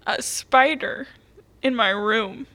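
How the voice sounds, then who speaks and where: A woman's voice: on the high side, slow pace, pushed and bright. Playful woman co-hosting a podcast. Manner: playful, rambling, laughs easily. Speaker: podcast co-host. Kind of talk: casual movie podcast chat.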